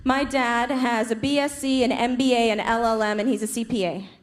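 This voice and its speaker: A young woman performing a stand-up comedy set on a club stage, punchy and quick. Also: fairly high pitch, steady tone. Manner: punchy, quick impressions of her parents. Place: comedy club stage before a laughing crowd. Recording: noisy live club recording.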